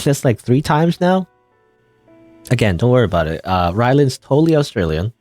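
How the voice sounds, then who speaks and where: A man's voice: medium pitch, very animated, normal speed, darkish tone, dry recording, soft background music. A man giving casual gameplay commentary, rambling and chuckling as he thinks aloud. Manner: rambling, chuckling, self-interrupting. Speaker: let's play gamer.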